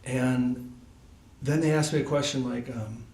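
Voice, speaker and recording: A man's voice: mid-range voice, fairly even intonation, unhurried, darkish tone. A man telling a personal story in a loose, chatty way at a devotional gathering, full of fillers. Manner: loose and chatty, many fillers like "like" and "you know". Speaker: speaker at a devotional study gathering. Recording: echoey room, voice far from mic, faint hiss.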